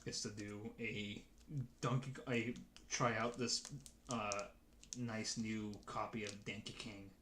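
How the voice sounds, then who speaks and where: A man's voice: fairly low pitch, flat delivery, takes it slowly, fairly bright tone, slight background noise. A man chatting casually to his stream viewers as a dungeon master, rambling and hesitant with many restarts.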